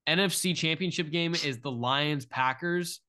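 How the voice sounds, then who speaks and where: A man's voice: a little high, a little slow, bright, forceful tone, clear, resonant tone. A young man co-hosting a sports podcast, talking casually, nervous and stammering, often repeating himself. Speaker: podcast co-host.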